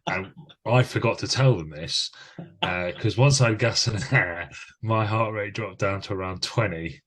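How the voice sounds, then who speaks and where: A man, co-hosting a podcast and telling an anecdote in a lively, self-mocking way. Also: fairly low pitch, moderate pace. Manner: lively anecdotal storyteller, laughs at himself. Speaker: podcast co-host. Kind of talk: casual chat, storytelling.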